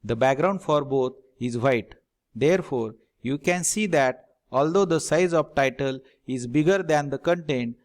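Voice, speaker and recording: A middle-aged man, giving a recorded lecture over slides and speaking directly to viewers as a teacher trainer. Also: a little high. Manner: instructive, addresses viewers directly.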